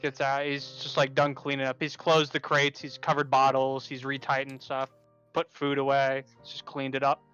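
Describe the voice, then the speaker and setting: A man's voice: mid-range voice, monotone, moderate pace, a bit bright, clean tone, highs cut off, faint music behind. A man in a tabletop game casually describing what his character does. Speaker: player.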